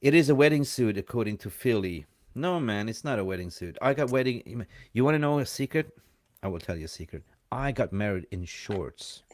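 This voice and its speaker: A man hosting a live call-in show, chatting casually and rambling, quick to laugh. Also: medium pitch, expressive, no room sound, studio quality.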